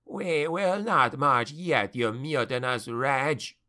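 A man voicing a spoiled, sneering young dark elf general in a fantasy audiobook, imperious and raised above his own voice. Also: mid-range voice, slow.

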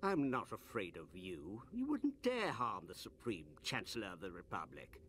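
A man voicing an older, calm and sly political leader who talks in a smooth, condescending way in an animated series. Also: lowish voice, normal speed, slight background noise.

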